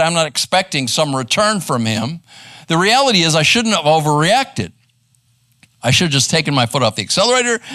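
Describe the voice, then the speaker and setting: A middle-aged man, a pastor teaching live in church, conversational and animated as he tells a story. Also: high voice, no echo. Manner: animated, conversational, acts out quoted voices. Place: church sanctuary.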